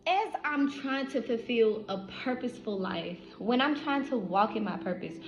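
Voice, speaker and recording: A woman, an insurance agent telling a story in a casual late-night vlog, animated and chatty. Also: fairly high pitch, normal speed. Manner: animated, chatty, acts out quotes in her own voice. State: just woke up at night. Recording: echoey room, dull lo-fi sound, faint music.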